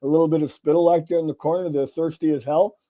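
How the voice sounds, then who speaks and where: Mellow-voiced man telling sales stories. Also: on the high side, fast, dull audio. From California. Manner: animated storyteller acting out dialogue, casual swearing. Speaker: guest sales author. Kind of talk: conversational interview storytelling.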